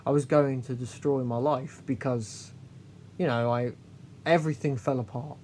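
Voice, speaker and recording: Man, vlogger, talks in halting restarts, confessional, mid pitch, faint low rumble behind. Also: fairly even intonation, a little mellow. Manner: halting, with many restarts and trailing pauses; earnest and confessional. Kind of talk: candid personal storytelling.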